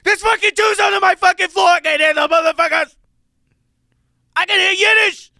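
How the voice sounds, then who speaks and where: A man's voice: very high voice, moderate pace, creaky, no room sound, clean studio sound, voice pushed up, full character voice. A man doing an impression of a paranoid man who screams hysterically about noises under his floor, in a comedy podcast bit. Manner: frantic, hysterical yelling.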